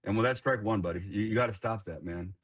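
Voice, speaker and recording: Speaking fast in a low register over lo-fi sound, the leader of a veterans nonprofit tells stories as a guest. His tone is casual and earnest, with frequent word restarts and people called "man."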